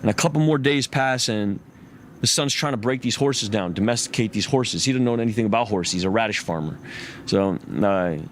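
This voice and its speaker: A man's voice: lowish voice, brisk, a little hiss or hum. A man telling a long story in casual talk. He swears freely, rambles, and often restarts his sentences. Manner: profane, rambling, restarts a lot. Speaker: interview guest.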